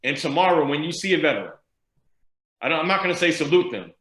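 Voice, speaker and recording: Man with a bright, forceful voice; rousing address, echoey room audio over a video call. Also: on the high side, sing-song, quick pace. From the Bronx, New York. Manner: rousing, preacher-like speech. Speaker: state senator. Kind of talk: speech to a virtual event.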